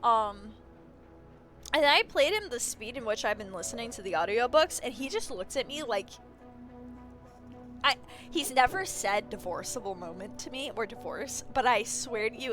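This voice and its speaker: A woman's voice: a little high, animated, moderate pace, over music. A young woman streaming, chatting casually in a rambling way and swearing freely. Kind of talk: casual chat.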